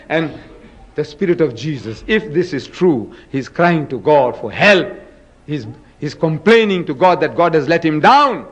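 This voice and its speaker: A man's voice: sits high, a bit bright. A man giving a public lecture, arguing emphatically and firing rhetorical questions at his audience. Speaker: public lecturer in religious debate. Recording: dull lo-fi lecture recording.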